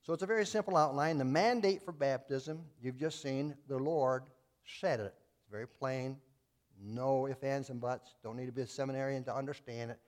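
A man preaching a sermon as a Baptist pastor, his voice sitting in an ordinary middle range. He talks in a folksy, plain-spoken way. He swings from loud, emphatic declarations down to quiet asides. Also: mid-range voice, moderate pace. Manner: folksy, telling jokes and acting out voices.

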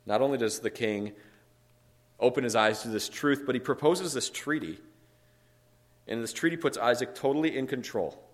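A man's voice: medium pitch, normal speed, pauses often. A man leading a Bible study in a conversational teaching style, reading scripture aloud and explaining it with emphatic asides.

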